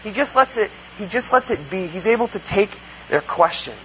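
A man's voice: high-pitched, animated, moderate pace, fairly bright tone. A man preaching a conversational sermon, earnest, asking rhetorical questions and acting out quotes. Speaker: pastor. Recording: dull lo-fi recording with faint hum.

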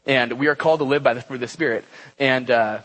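A young man giving a relaxed, conversational church talk, with many fillers and asides. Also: medium pitch, fast talker, a little hiss or hum, poor audio. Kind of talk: casual sermon. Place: church gathering.

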